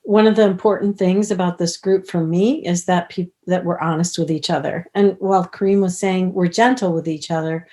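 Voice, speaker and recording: A woman's voice: fairly low pitch, steady tone, moderate pace, few pauses, warm tone. A woman guest on a podcast, speaking candidly and playfully mimicking others. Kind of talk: casual chat.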